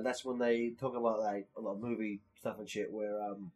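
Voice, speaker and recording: A man's voice: mid-range voice, steady tone, fast, few pauses. A young man co-hosting a podcast in casual chat, rambling with lots of fillers and swearing. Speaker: podcast co-host.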